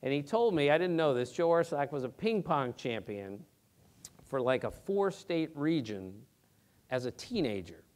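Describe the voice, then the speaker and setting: Middle-aged male sports reporter, speaker at a theater event, animated and emphatic, slightly high voice. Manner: animated, emphatic, quick bursts of speech. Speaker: sports reporter giving a talk. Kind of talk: anecdotal storytelling presentation. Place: theater auditorium.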